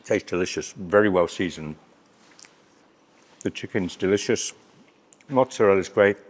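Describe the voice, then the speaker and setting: A man's voice: deep voice, a little slow. A man hosting a casual travel food vlog outdoors at a street stall, chatty and cheerful, laughing often and talking while he eats. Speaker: travel vlogger.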